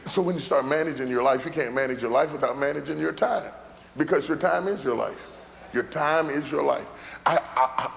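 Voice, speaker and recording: A middle-aged man preaching a sermon as a pastor, repeating phrases for emphasis and building to shouts. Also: mid-range voice, fairly quick, vocal fry, a faint crowd, slight background noise. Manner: emphatic repetition, rising to shouts. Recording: large hall with live audience.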